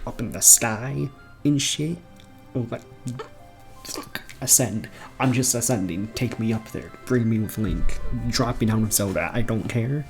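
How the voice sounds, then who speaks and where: A young man rambling excitedly about video games in a casual home vlog, laughing often and swearing casually. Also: lowish voice. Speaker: gaming vlogger. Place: bedroom at home.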